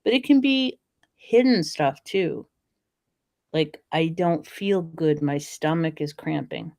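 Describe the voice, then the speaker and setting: A lower-pitched woman in middle age chats casually as a podcast guest. She tells animated stories and slips into the voices of the people she quotes. The sound is close and dry, with no room around it. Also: slow pace, dry recording. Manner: animated storyteller who acts out quoted voices. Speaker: dog trainer and author, podcast guest. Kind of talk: casual storytelling conversation.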